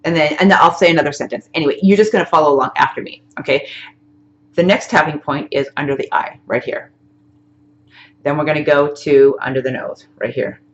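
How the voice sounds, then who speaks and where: A woman's voice: sits low, brisk, lo-fi sound. A woman giving a casual tapping lesson, talking step by step and checking in with "okay?" after each point. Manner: chatty, repeats "okay?" to check in. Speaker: tapping coach. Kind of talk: casual instructional talk to camera.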